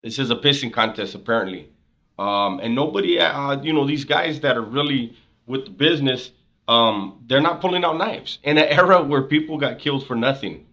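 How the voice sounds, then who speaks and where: Guy doing sarcastic reaction commentary, sharp voice, kinda muffled audio. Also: medium pitch, moderate pace. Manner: sarcastic, skeptical asides.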